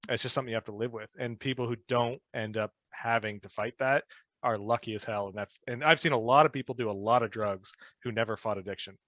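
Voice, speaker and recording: Man, podcast guest, bright sharp tone, dry close sound, rambling, swears, laughs a lot. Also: medium pitch, fast, no echo, dull audio. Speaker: podcast guest, former band musician. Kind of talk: casual storytelling chat.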